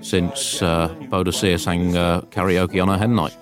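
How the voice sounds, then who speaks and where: A man's voice: low voice, little pitch movement, unhurried, music in the background. A man co-hosting a satirical comedy show, mock-serious and sardonic, often laughing at his own jokes. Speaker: co-host.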